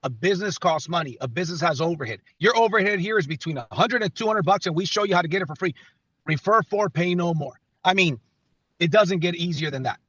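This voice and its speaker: A man's voice: high voice, animated, quick pace, a bit bright, breathy edge, lo-fi sound. A man leading a team call with an emphatic motivational pep talk, repeating phrases and restarting sentences. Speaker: company leader on a team call.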